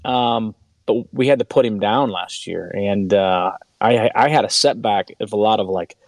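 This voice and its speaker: Low-voiced guy telling stories in an interview, earnest, keeps restarting his sentences, dry close sound. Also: normal speed, dry recording. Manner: earnest, frequent restarts and repeated words. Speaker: author and guest. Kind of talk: conversational interview storytelling.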